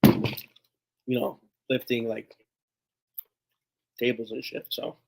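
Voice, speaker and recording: A man hosting a live fan stream, telling a story in a casual, animated, rambling way, swearing freely and laughing as he goes. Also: medium pitch, very slow, creaky, slight background noise. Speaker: sports fan show host.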